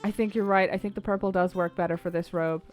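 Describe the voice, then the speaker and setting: A woman's voice: medium pitch, steady tone, fast talker. A woman streaming a video game, chatting casually, swearing and laughing easily. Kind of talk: casual gameplay commentary. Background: faint game music.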